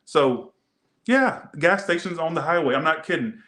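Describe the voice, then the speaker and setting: A man's voice: a little high, animated, moderate pace, fairly bright tone, roomy sound. A man doing a casual tarot reading, rambling and swearing, often repeating himself. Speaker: tarot reader.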